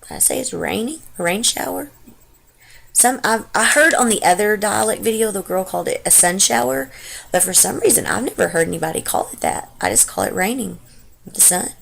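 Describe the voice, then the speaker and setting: A Texan vlogger in her thirties chats casually through a dialect tag quiz, her mid-range voice creaky, fairly bright, a little fast, with lively intonation. She rambles and sounds unsure, using lots of ums and trailing off into asides.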